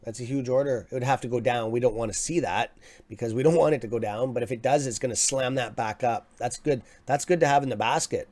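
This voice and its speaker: A man hosting a casual live stock market stream from his desk mic, excitable and quick to react, muttering and apologizing now and then. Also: mid-range voice. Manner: excitable, swears under his breath, apologetic. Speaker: livestream host. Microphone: desk microphone.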